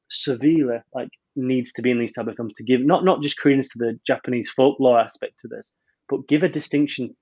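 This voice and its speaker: A man's voice: mid-range voice, darkish tone, dull audio. A man reviewing a film on a podcast in casual chat, rambling with many restarts.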